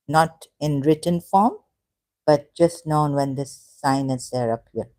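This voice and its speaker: A woman on a live stream, thinking aloud in a halting, hesitant way and correcting herself as she goes. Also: deep voice, darkish tone, no echo.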